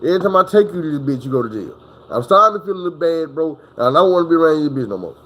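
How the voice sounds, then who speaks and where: A man's voice: fairly high pitch, lively intonation, very fast, a bit bright, slight background noise, rough recording. A man telling a story in a casual, rambling, profane way, acting out the people he quotes.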